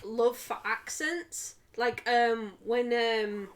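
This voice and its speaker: A Yorkshire woman chatting loosely on a stream, her voice sitting a little higher than most. She swears a lot and trails off into fillers as she rambles. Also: extremely slow. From northern England. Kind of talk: casual stream chat.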